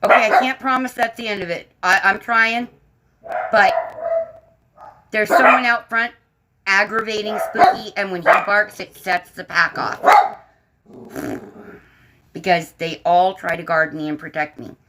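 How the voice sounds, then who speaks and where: A woman's voice: medium pitch, fairly even intonation, measured pace, pauses often, bright, forceful tone, slight background noise, poor audio. A woman hosting a casual livestream from home, chatting to her viewers and her dogs. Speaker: livestream host. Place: home room. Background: dogs barking.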